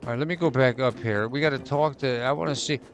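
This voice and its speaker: A man's voice: mid-range voice, quick pace, faint music behind. A man giving casual, profanity-laced commentary while playing a video game with a friend. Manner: chatty, swears freely, reads game text aloud. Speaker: gaming channel host. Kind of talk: casual let's play commentary.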